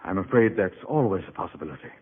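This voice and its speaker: A stammering shy doctor. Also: male voice, sits low, expressive, quick pace, slightly rough. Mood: troubled. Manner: hesitant, stammering. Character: shy, stammering young country doctor, a man. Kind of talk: 1940s radio acting. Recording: tinny old radio broadcast with faint hiss.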